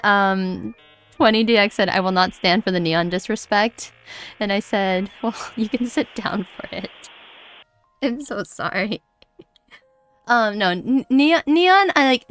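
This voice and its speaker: Woman streamer, giggly, apologetic, chatty, smooth clear voice, dry close mic. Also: medium pitch, fairly bright tone, dry recording. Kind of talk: casual gaming livestream chat. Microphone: close desk mic.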